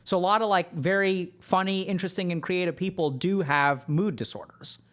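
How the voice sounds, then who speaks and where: This is a psychiatrist talking through a TV show for an online audience. The delivery is explanatory, and the speaker keeps turning to the viewers to check that they follow. The voice sits at a middle pitch. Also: steady tone, fairly quick, fairly bright tone. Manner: explanatory, addresses viewers directly. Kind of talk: reaction commentary on a TV show.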